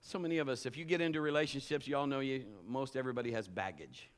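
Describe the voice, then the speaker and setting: A man preaching a sermon as pastor, telling a humorous personal story in an animated way. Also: medium pitch, quick pace, clear, resonant tone.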